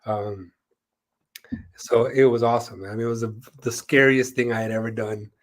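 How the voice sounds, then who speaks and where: Telling a lengthy story as co-host of an interview show, a man with a mid-range voice speaks at a moderate pace with fairly even intonation. He rambles casually, leans on fillers like "like" and "you know," and imitates the people he quotes.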